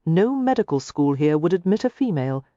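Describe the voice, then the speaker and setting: A woman voicing a proud, determined young woman doctor who speaks crisply and pragmatically in an audiobook. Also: low-pitched, very animated, a little fast, mellow, no echo, highs cut off.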